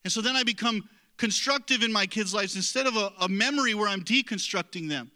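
A man's voice: sits high, fairly quick, sharp tone. A middle-aged man preaching a sermon as a pastor, earnest and conversational, with self-deprecating asides to the congregation.

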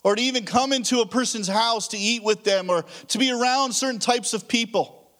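A man's voice: very high-pitched, fairly quick, a bit bright. A man preaching a sermon as a pastor, telling stories in a casual way with frequent restarts. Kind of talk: conversational sermon.

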